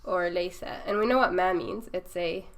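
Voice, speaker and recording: A woman explains grammar rules to a learner in a patient, steady teaching voice. Her tone has a slight gravelly edge. She checks in often to make sure the student follows. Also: on the low side, moderate pace. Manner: patient, checks understanding with "right?".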